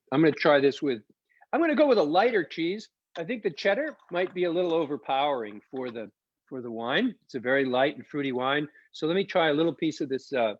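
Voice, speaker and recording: On a video call, a man who co-founded a winery hosts a live online wine tasting, chatty and enthusiastic, explaining each wine as he tastes it. His voice is a little high, and the audio is dull with no room sound.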